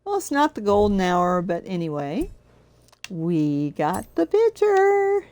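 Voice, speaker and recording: A woman's voice: mid-range voice, sing-song, slow pace, a little mellow, dry recording. An older woman streaming a racing game, chatting casually and giggling often. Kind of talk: casual live-stream commentary.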